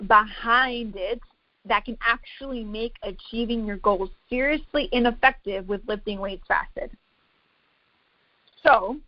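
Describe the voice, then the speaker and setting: A woman's voice: a little high, no room sound, highs cut off. A woman fitness coach giving a casual, chatty talk to an online group, emphatic and full of filler words.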